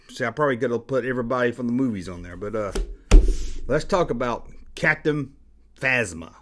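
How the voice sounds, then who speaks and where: A man's voice: medium pitch, expressive, moderate pace, long pauses, noisy background. A man in his forties with a Southern US accent, hosting a video and ranting bluntly, with emphatic, exasperated repetition, in casual commentary. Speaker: YouTube host.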